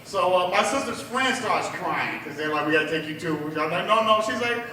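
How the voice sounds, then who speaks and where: A man's voice: a little high, animated, a little fast, bright, forceful tone. A man telling a stand-up story at a bar open mic, acting out his family members' voices, with audience laughter behind him. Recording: echoey bar room, mic heard from a distance.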